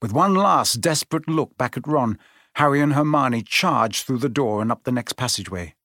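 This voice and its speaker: A man's voice: mid-range voice, animated, moderate pace, a bit bright, no room sound. Man reading a story, dry close sound. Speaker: audiobook narrator. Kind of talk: storybook narration.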